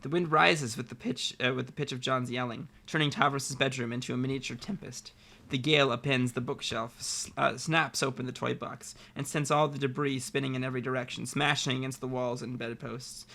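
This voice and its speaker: Brief: co-host narrating a webcomic read-along, eager and expressive. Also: mid-range voice, brisk, creaky. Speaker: co-host reading a webcomic aloud.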